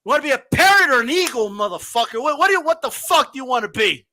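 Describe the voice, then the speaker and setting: A man's voice: very high voice, lively intonation, very fast, bright, forceful tone, no room sound, low-quality recording. A man hosting a boxing podcast, ranting with lots of profanity, often raising his voice and mocking people. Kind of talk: heated uncensored podcast rant.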